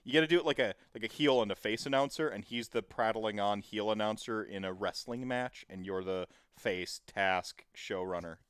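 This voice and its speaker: Man in his 30s, podcast host, lowish smooth voice, rambling and loose with frequent fillers and swearing, dry close sound. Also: moderate pace, few pauses, fairly bright tone, no echo. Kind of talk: casual podcast chat.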